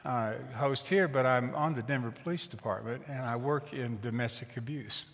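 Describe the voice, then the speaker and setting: A man voicing a calm, matter-of-fact female security officer in nearly his own voice. The sound rings in a reverberant hall. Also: mid-range voice, moderate pace, lightly acted.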